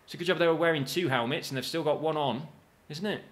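A man's voice: fairly high pitch, fast, a bit bright. Chatty man narrating a game. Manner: chatty and jokey, with casual swearing and asides to viewers. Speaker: gaming video host. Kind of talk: let's play commentary.

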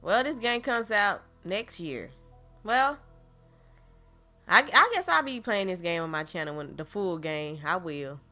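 A woman's voice: on the low side, animated, unhurried, bright, forceful tone, faint music behind. A woman hosting a gaming channel, commenting on a horror game as she plays, jumpy and exclaiming, talking straight to her viewers into a desk mic. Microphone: desk microphone.

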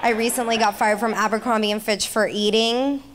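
Deadpan woman doing stand-up. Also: fairly high pitch, a little fast. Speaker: stand-up comedian. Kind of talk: stand-up comedy. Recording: live club with audience noise.

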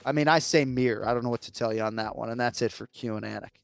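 An American man hosting a casual sports betting chat, chatty and self-mocking with quick asides. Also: mid-range voice, vocal fry, no echo, soft background music. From United States. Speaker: host.

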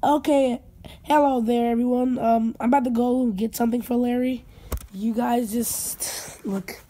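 A woman casually addressing viewers in a homemade puppet comedy video, talking in a loose, halting way. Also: a little high, fairly even intonation, warm tone.

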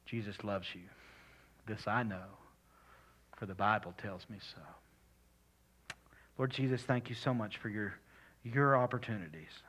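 A man pastor preaching and praying, swinging between loud appeals and soft whispered prayer. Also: lowish voice, a little slow, long pauses. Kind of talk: sermon and prayer.

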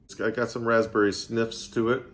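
Fairly low-pitched and fairly bright, this man speaks flatly at a moderate pace. Tasting beers in his living room for his vlog, he keeps it chatty and jokey while growing tipsy and slurring a little.

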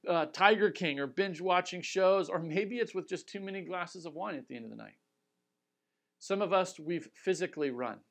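Pastor guy giving a sermon, earnest, talks right to you, goes quiet for effect. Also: on the high side, gravelly. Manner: earnest, direct address with dramatic quiet drops.

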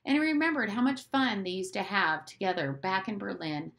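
A woman teacher reading a storybook aloud with expressive narration. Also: mid-range voice, brisk, creaky.

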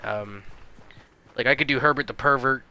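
A man talking casually while livestreaming a game, who stutters and restarts often and squeals when excited. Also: medium pitch, moderate pace, a little hiss or hum. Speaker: gaming streamer. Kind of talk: casual live game commentary. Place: home gaming setup.

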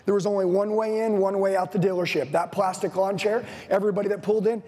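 A man's voice: sits high, fairly even intonation, quick pace, hardly any pauses, a little mellow, big-room sound. A man in his forties, a sales trainer giving an intense, blunt motivational speech to a live audience, swearing and hammering repeated lines. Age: 40s.

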